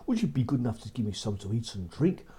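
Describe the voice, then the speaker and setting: A man's voice: medium pitch, sing-song, very fast, warm tone, natural voice. A man voicing a bold, cheeky boy in a children's story, talking cheerily and politely. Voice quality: husky. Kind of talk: storybook reading.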